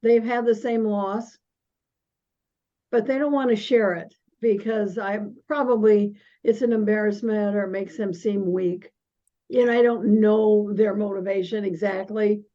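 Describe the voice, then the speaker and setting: Slow-spoken older woman, muffled audio. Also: mid-range voice, dark tone. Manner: halting, with frequent restarts. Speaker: guest. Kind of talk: casual conversation. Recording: dull lo-fi audio.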